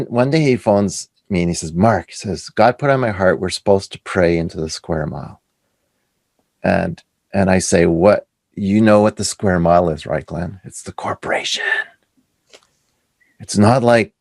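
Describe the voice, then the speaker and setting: A middle-aged Canadian man, an author being interviewed, telling animated anecdotes and acting out what other people said. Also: low-pitched, gravelly, no room sound. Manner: animated anecdotes with quoted voices. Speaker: author and guest. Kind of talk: casual storytelling interview.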